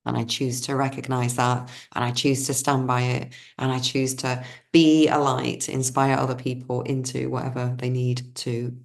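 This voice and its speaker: Deep-voiced woman telling rambling stories. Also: flat delivery, normal speed, gravelly, hardly any pauses. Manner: rambling, loses her thread; enthusiastic, effusive. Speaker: spiritual card reader. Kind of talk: casual digressive storytelling.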